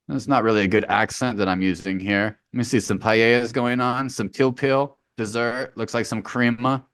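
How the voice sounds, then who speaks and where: A man's voice: medium pitch, fairly bright tone, no echo, studio quality. A man co-hosting a podcast, rambling and joking in casual sports banter, swearing freely. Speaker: podcast co-host. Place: remote Hawaii.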